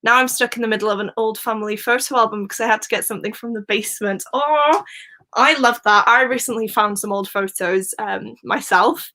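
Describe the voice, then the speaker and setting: A woman's voice: mid-range voice, sharp tone. A woman from Wales, hosting a casual live stream, chatting easily, laughing often and reading out viewer comments.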